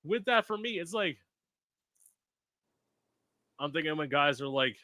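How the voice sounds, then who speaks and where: A man's voice: fairly high pitch, lively intonation, a little slow, pushed and bright, dry recording, studio quality. A man hosting a casual podcast chat, blunt and profane, acting out quotes as he talks. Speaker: podcast host.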